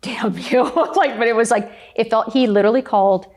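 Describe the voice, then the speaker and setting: A woman in her fifties, appearing as a podcast guest in a candid conversational interview, tells stories in a chatty, emphatic way and says "like" a lot. Her voice is a little high and darkish, and she talks fairly quickly.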